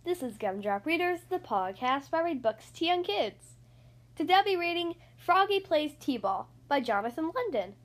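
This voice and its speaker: A woman on her podcast performs a children's picture book in an animated, sing-song narrating style. Her voice is high-pitched, and she reads at a moderate pace.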